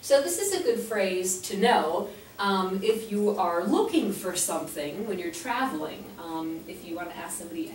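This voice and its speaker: A woman of medium pitch and lively intonation gives a French lesson at a moderate pace. She patiently explains and spells out words letter by letter, recorded from a distance in an echoey classroom with a little hiss or hum.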